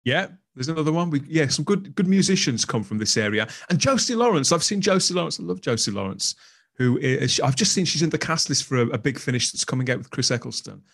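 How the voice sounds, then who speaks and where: A middle-aged man with a Birmingham accent, a guest on a podcast, chatting in an animated, jokey way. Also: medium pitch, quick pace. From England. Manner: animated, jokey, laughs easily. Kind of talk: casual chat.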